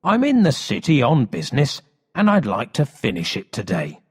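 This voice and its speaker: A man reading aloud, voicing a sly grown-up thief who pleads his innocence in a low voice. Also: wildly swooping pitch, normal speed, breathy edge. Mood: pleading. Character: sly adult male thief, falsely apologetic. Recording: long hall reverb.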